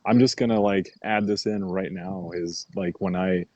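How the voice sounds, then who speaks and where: Casting: deep, husky young man, laid-back podcast host, dry close sound. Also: steady tone, moderate pace, darkish tone, no echo, highs cut off. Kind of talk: casual chat.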